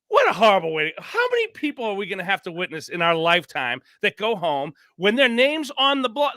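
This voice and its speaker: A man telling stories on a podcast as a guest, animated and rambling, acting out quotes. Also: sits high, clean tone, no room sound, clean studio sound. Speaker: podcast guest, former contestant. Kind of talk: casual storytelling chat.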